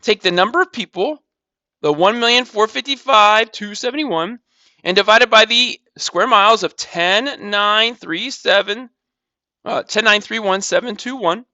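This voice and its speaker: A man teaches math in a casual, step-by-step manner, repeating figures as he works through them. His voice sits high and bright. The recording is dry and a little dull. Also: unhurried, dry recording. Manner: talks through calculations step by step, casual, repeats numbers, says "blah, blah". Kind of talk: recorded math lesson walkthrough.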